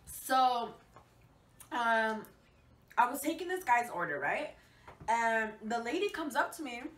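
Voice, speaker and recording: A woman's voice: a little high, sing-song, takes it slowly, fairly bright tone. A young woman telling a casual storytime vlog, chatty, swearing freely and full of fillers. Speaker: vlogger. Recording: echoey room, mic at a distance, faint hiss.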